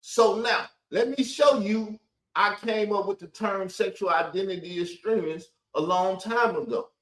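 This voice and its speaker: High-pitched guy ranting casually, repeats himself a lot, echoey room. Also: a little slow. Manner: combative, colloquial, repetitive. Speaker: commentary video host. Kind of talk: rambling commentary on played clips.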